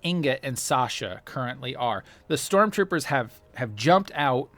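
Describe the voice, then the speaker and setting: A man's voice: mid-range voice, lively intonation, fairly bright tone, dry recording. A man running a tabletop role-playing game as game master, narrating with many fillers and restarts. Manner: halting, full of fillers and restarts.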